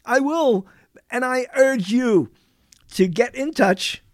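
On a studio microphone, a radio host leads a live talk show in a very high, animated voice, speaking slowly in a dry, studio-quality recording. He rambles and digresses, chatting along and often breaking off mid-sentence.

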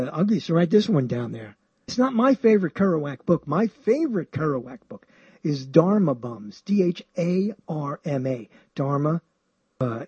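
A man hosting a show, talking about books in a rambling, animated way, often chuckling and swinging his pitch high and low. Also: breathy edge, dry recording, muffled recording. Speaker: show host. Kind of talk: rambling radio-style talk about books.

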